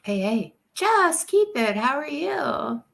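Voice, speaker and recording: A woman's voice: high voice, big pitch swings, slow, gravelly, a bit bright. Tearful woman rambling on a livestream. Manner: tearful, rambling, laughing through tears. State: crying. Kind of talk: casual livestream chat.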